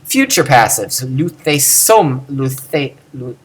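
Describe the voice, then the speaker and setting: A man's voice: mid-range voice, animated, unhurried, fairly bright tone. A man giving an informal grammar lesson, thinking aloud with fillers and self-corrections and drawing out example words. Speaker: teacher explaining Greek grammar. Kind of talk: informal recorded lecture.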